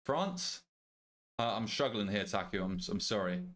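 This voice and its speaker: A young British man streaming a game, chatting casually with his viewers, joking, swearing and thinking out loud. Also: on the low side, steady tone, a little fast. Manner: banters with chat, swears casually, thinks aloud. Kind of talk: casual live-stream chat.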